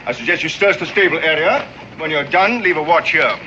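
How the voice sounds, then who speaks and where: An actor playing a haughty, sarcastic British commodore who speaks in a clipped, dry way, in a 1960s television drama. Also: male voice, a little high, expressive, brisk, pushed and bright. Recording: dull old TV soundtrack with background noise.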